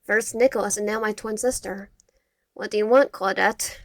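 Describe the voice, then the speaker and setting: A woman reading a dating game aloud, voicing the narration with expressive, sarcastic asides. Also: medium pitch, moderate pace, no room sound, studio quality. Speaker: gamer.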